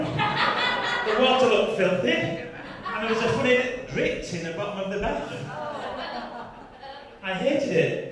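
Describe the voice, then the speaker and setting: A high-pitched man in his fifties works through a stand-up comedy routine, chatting and teasing the crowd with quick tag questions. His voice sounds distant, caught in a very echoey venue with an audience laughing along. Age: 50s.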